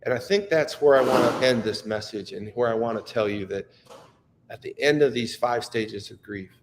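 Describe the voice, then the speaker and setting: A man's voice: medium pitch, normal speed, long reverb tail, a little hiss or hum. Earnest emotional man giving a motivational talk. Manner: earnest and emotional, with frequent repetitions and restarts. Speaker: speaker sharing personal stories.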